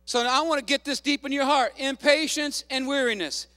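A man pastor preaching a fervent sermon, calling out hallelujahs and shouting to the congregation. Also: very high-pitched, fairly quick, no room sound, clean studio sound.

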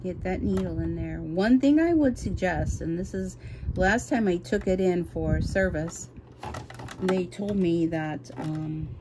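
A woman's voice: fairly low pitch, background noise. A woman chatting to viewers while working at a machine, flustered and apologetic. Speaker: embroidery vlogger. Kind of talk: casual how-to chat while working. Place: home sewing room with window open and ceiling fan. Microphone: camera mic, no microphone on.

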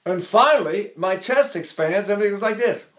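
A man's voice: sits high, expressive, normal speed, a bit bright. A man in his eighties, a voice teacher, chatting casually as he demonstrates breathing exercises and talks while holding his breath. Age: 80s.

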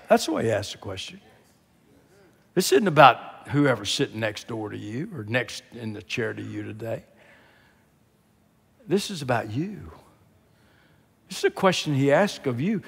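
An older man preaching a sermon, moving from quiet, hushed emphasis to loud, impassioned exhortation. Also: mid-range voice, big pitch swings, moderate pace, creaky, long pauses, slightly rough. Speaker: guest preacher. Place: large church sanctuary. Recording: long reverb of a large hall.

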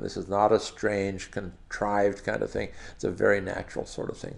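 A male university professor giving a recorded lecture, explaining in a relaxed teaching manner with frequent pauses and small chuckles. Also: on the low side, gravelly.

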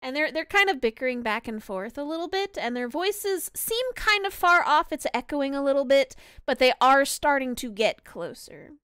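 A woman's voice: high voice, expressive, moderate pace, hardly any pauses, a bit bright, dry recording, clean studio sound. A woman narrating as game master of an online tabletop game, rambling with frequent restarts.

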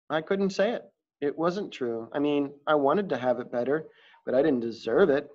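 A man's voice: fairly high pitch, animated, moderate pace, a little mellow. A man reading a first-person audiobook in a plain, confessional storytelling manner, in a dull lo-fi recording. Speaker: audiobook narrator.

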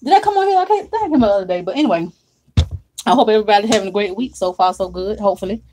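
A woman's voice: medium pitch, animated, very fast, warm tone, a little hiss or hum. A woman hosting a casual livestream from her makeup desk at home, chatty and drawling as she greets viewers by name.

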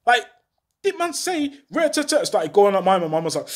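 A young man telling a street story in an animated, slang-heavy way, acting out other people's lines. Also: on the high side, a little fast. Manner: animated, slangy, acts out voices loudly. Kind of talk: casual storytelling to camera.

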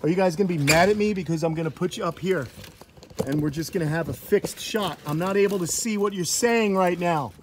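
A man's voice: high voice, a little fast, background noise. A man giving an enthusiastic, chatty live tour of an outdoor animal sanctuary, filmed on a phone he carries as he walks. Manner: enthusiastic, chatty, addresses viewers as guys. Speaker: wildlife sanctuary vlogger. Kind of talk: live-streamed walking tour. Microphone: phone held while walking. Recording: phone mic, level shifting as he turns.

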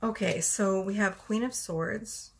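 A woman's voice: medium pitch, measured pace, gravelly, background noise. Chatty woman reading tarot. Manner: chatty, rambling, self-correcting. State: slightly out of breath. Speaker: tarot reader.

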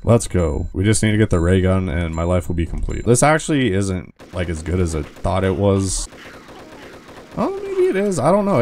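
A young man giving casual gameplay commentary as a gaming video host, excitable and swearing, yelling when he panics. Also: fairly low pitch, a little hiss or hum. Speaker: gaming YouTuber.

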